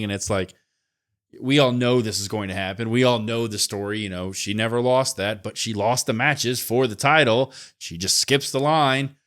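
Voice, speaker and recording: A man's voice: mid-range voice, measured pace, a bit bright. A man co-hosting a podcast, casually giving his opinions and thinking aloud with frequent hedges. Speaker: podcast co-host. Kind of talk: casual wrestling opinion chat.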